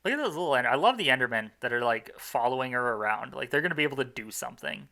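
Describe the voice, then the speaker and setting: A young man talks through his own game run in loose, self-mocking commentary, restarting his sentences and filling gaps with "uh" and "like". His voice has a gravelly fry to it, with a bright, edgy tone on top. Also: medium pitch, expressive, racing. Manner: rambling, self-mocking, with many fillers and restarts. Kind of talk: casual gameplay commentary.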